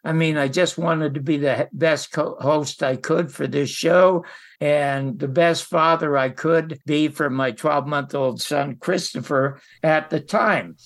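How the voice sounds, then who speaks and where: An older man, a guest in an interview, telling anecdotes in a casual, animated way with emphatic asides. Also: on the high side, unhurried, gravelly. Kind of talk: casual storytelling.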